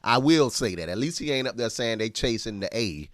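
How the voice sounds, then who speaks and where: A man, a pastor, giving casual commentary as he reacts to clips, animated and often exclaiming. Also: medium pitch, fairly quick, no echo, studio quality.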